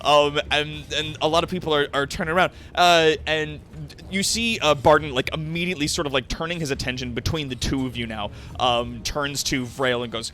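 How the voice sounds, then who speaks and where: A man's voice: fairly high pitch, steady tone, fairly quick, bright, forceful tone, slight background noise. A young man narrating a tabletop game as game master, casual, full of fillers and swearing.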